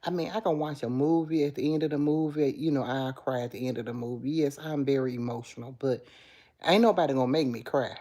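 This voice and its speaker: Chatty woman with a low, mellow voice. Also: fast talker. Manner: chatty, affectionate, answers viewer comments. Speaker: livestream host. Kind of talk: casual live chat with viewers.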